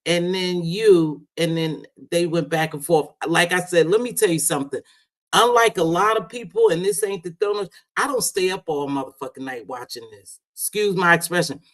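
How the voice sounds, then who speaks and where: A woman's voice: fairly low pitch, normal speed. A middle-aged woman hosting a casual live stream chat, talking loosely, swearing now and then and calling people sweetheart and baby. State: unwell after medication. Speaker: livestream host.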